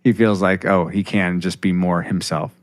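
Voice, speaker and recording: A man's voice: low voice, steady tone, moderate pace, no room sound. A man hosting a casual podcast, rambling with restarts while reading listener comments on a close mic. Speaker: podcast host.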